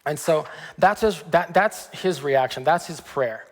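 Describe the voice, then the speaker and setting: A man delivering a sermon in a relaxed, conversational manner, often stopping to check in with his listeners. His voice sits a little high for a man. A long church reverb trails behind every phrase. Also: a little slow. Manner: conversational, frequent "okay" check-ins. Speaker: pastor. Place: church sanctuary.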